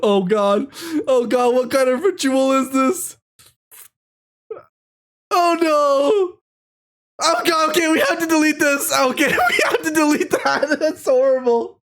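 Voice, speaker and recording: A woman's voice: sits high, unhurried, pauses often. A young woman reading an AI-written story aloud, reacting with giggly, shrieking exclamations. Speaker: streamer.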